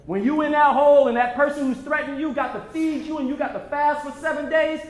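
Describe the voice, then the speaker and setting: Speaking quickly and with fairly even intonation, a very high-voiced American man addresses a screening audience at an event venue as though delivering a sermon. He drives home each motivational point through preacherly repetition, his voice echoing around a roomy hall.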